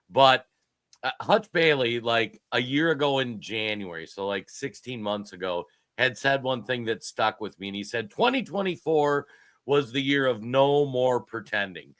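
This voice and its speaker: A fifty-year-old man co-hosting a political podcast with a bright, forceful voice. He talks in an excitable, joking and emphatic way, and the sound is close and dry. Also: mid-range voice, no echo. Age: 50s. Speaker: podcast co-host. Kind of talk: casual political podcast chat.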